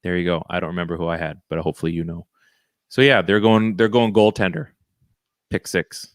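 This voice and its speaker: A man co-hosting a podcast, chatting casually about hockey picks with relaxed joking asides. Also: low voice, fairly quick, clean tone, no echo, clean studio sound. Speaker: podcast co-host. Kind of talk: casual hockey draft chat.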